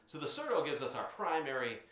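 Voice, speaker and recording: A man teaching percussion technique, explaining patiently with frequent filler pauses while demonstrating drums. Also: a little high, very animated, over music. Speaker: percussion instructor. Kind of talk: instructional demonstration. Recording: echoey room with drum sounds.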